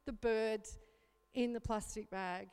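A woman's voice: a little high, fairly even intonation, slow pace, darkish tone, clean tone. A woman voicing her blunt, practical adult son, a tradesman. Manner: blunt, matter-of-fact. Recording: reverberant hall.

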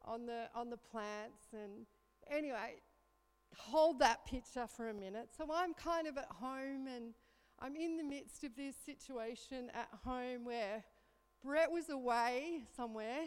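A woman's voice: fairly high pitch, unhurried, clean tone. Chatty woman in her fifties. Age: 50s. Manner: chatty, self-mocking, animated when recounting panic. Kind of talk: storytelling talk at church. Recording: reverberant hall.

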